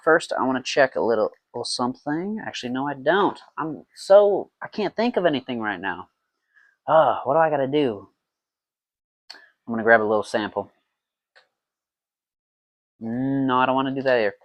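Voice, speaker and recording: Guy rambling and joking to himself while brewing at home, middle pitch, dry close mic. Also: lively intonation, moderate pace, pauses often, no echo. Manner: rambling, playful self-talk. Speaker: home mead brewer. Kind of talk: casual solo brewing vlog.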